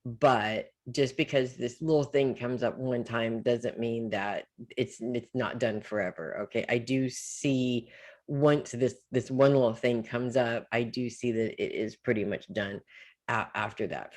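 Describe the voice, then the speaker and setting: A woman giving a weekly psychic reading as casual advice. She talks in a loose, reassuring way and keeps checking in with "okay?" and "right?". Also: a bass voice. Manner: loose and informal, trails off with "blah, blah". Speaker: psychic reader.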